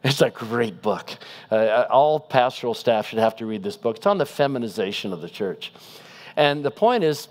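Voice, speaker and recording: A man giving a guest sermon in a conversational style, animated and asking the congregation rhetorical questions. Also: mid-range voice, normal speed. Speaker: guest preacher.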